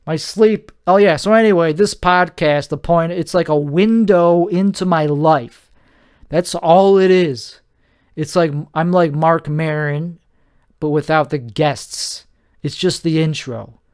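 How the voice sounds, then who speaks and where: A man hosting a solo podcast from home, sounding tired as he meanders from one thought to the next. His voice sits a little high for a man and comes through smooth and clean. He often trails off mid-sentence and makes fun of himself. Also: takes it slowly, a little mellow. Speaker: podcast host. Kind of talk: solo rambling podcast monologue.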